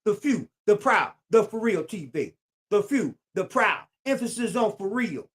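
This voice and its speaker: High-voiced man preaching on a live stream. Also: very animated, measured pace. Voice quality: repetitive, preacherly emphasis, repeats phrases. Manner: talks straight at viewers and greets them by name. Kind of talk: casual live-stream talk to viewers.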